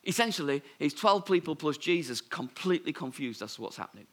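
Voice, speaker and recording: A man preaching a sermon, retelling scripture with lively humour and playful asides. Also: fairly high pitch, a little fast, slightly rough. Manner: lively storytelling with humorous asides.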